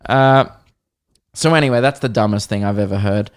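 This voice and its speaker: A young Australian man hosting a comedy podcast, ranting in an animated, exasperated way with plenty of swearing. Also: lowish voice, moderate pace, clean tone. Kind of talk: solo comedic rant.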